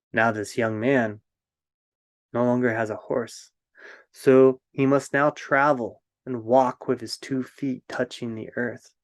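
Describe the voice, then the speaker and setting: A man tells an old fairy tale in a gentle, reflective manner, then muses on its meaning. His voice sits in a middle male register. The sound is dry and close, with no room echo. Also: mid-range voice. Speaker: storyteller.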